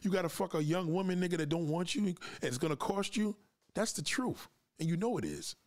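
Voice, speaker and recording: A man hosting a live podcast, with a slightly high voice, ranting at his audience in a blunt, profane, lecturing way. He is confrontational and keeps daring the men listening to prove him wrong. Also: expressive, a little fast. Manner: asks listeners to push back. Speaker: podcast host. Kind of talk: livestream podcast rant.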